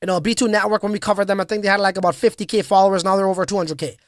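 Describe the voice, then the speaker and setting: Speaking very fast in a high voice with little pitch movement, a man hosts a crypto livestream and reads viewer comments. He's casual, slangy, and hyped, using plenty of fillers, and the studio sound is clean with no room echo.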